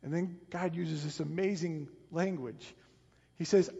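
A man's voice: on the high side, unhurried, creaky, warm tone, husky. A man preaching a sermon, telling the story dramatically and often repeating words as he goes. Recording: long reverb, dull lo-fi sound.

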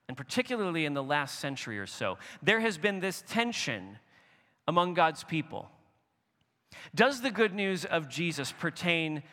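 A man preaching a sermon as pastor, expressive, rising and animated when he voices quoted speech. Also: a little high. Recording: long reverb of a hall.

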